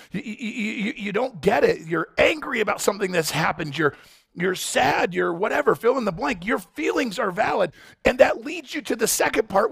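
A man's voice: high-pitched, vocal fry, slightly rough, no room sound, studio quality. A male pastor preaching a sermon with passion, repeating key phrases and speaking straight to his congregation. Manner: passionate, repetitive, direct address to congregation.

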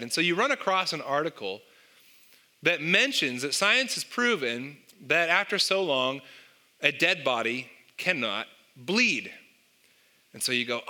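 A man's voice: a little high, sing-song, normal speed, sharp tone. A man preaching a sermon, telling an illustration and asking the listeners rhetorical questions. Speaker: pastor.

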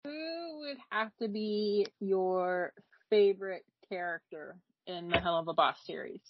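A woman's voice: mid-range voice, measured pace, background noise. A woman chatting casually about a cartoon series, trailing off mid-sentence and giggling. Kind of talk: casual fan chat. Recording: dry, dull lo-fi sound.

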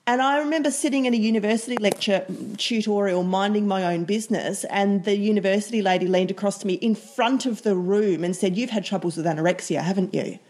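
Brief: woman podcast co-host, chatty storyteller, mid-pitched. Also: fairly quick, few pauses, darkish tone. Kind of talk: casual podcast chat.

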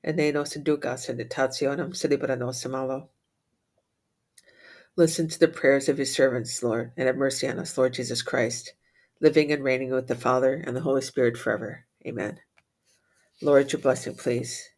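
A middle-pitched man leads liturgical prayer as the prayer leader, reciting in a steady, measured way. He rattles off the Latin refrains quickly and quietly.

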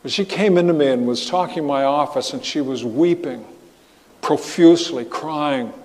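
A man preaching as a pastor, earnest and halting, often restarting his phrases. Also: on the high side, a little mellow, big-room sound. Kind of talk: sermon.

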